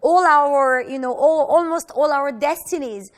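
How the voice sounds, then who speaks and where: A woman with a bright, high voice shares a personal story in an earnest, halting way. She stops and restarts as she goes, and she acts out the voices of the people in the tale. Her delivery has the feel of a teacher recounting something true.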